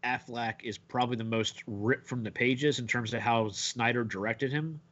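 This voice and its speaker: A man's voice: medium pitch, moderate pace, lo-fi sound. Opinionated man in casual podcast chat. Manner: opinionated, profane, animated storytelling. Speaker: podcast co-host.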